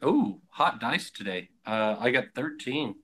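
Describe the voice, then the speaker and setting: A man's voice: mid-range voice, measured pace. A man playing a tabletop game, casually describing his character's actions. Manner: relaxed, speaks his character's actions aloud. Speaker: player.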